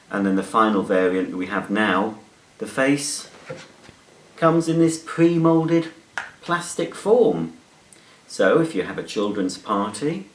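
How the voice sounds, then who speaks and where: A man walks through a product demonstration in a chatty, playful way, with jokey asides. His voice sits fairly low. The room around him gives a roomy echo. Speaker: product reviewer.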